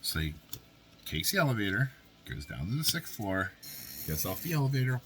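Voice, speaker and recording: A man's voice: moderate pace, background noise. A man hosting a vlog, casually telling a story and acting out the people in it with big jumps in his voice. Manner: animated, acts out quoted voices with big pitch jumps. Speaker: vlog host.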